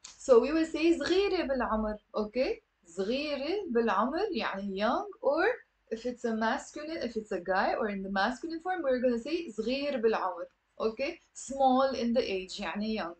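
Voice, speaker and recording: A woman with a Lebanese accent teaching a live online language class, lively and encouraging, mixing English with Arabic. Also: fairly high pitch, fast talker.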